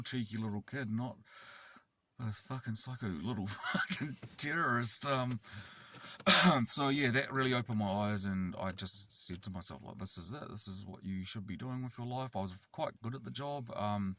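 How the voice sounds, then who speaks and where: A man's voice: lowish voice, a bit bright, far from the mic. A man, rambling and swearing as he tells a casual story in a car. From New Zealand. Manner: rambling, sweary, with many fillers. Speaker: vlogger. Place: inside a car.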